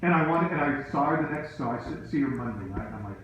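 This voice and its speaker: A middle-aged man spins a high school story for his students, animated and chatty. His voice sits at an ordinary pitch and rings in a very echoey room. A faint hum of noise is heard behind him. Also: fast talker, hardly any pauses, muffled recording. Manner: animated, chatty, full of asides.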